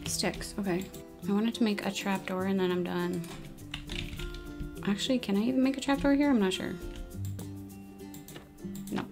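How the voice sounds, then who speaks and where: A woman's voice: mid-range voice, moderate pace, pauses often, over music. Flustered, chatty young woman gamer. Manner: chatty, self-mocking, flustered under time pressure. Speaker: gaming YouTuber. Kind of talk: casual gameplay commentary.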